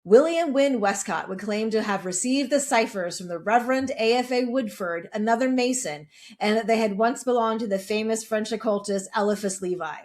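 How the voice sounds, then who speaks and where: A woman's voice: a little high, normal speed, darkish tone. A middle-aged woman co-hosting a podcast, chatting casually and reading a history segment, with jokey asides and casual swearing. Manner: swears casually, jokes about herself. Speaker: podcast co-host. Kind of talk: casual chat and read lore segment.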